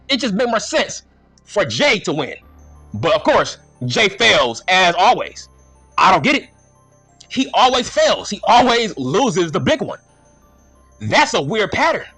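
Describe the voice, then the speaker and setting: A man ranting in a casual, exasperated and profane way as a wrestling show reviewer, repeating his points with a slightly husky voice. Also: high-pitched, pushed and bright.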